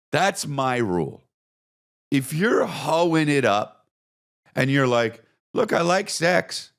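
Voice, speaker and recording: A man hosting a podcast, telling crude, animated comedic stories and riffing with lots of profanity. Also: mid-range voice, vocal fry. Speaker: podcast host. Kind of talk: comedic storytelling monologue.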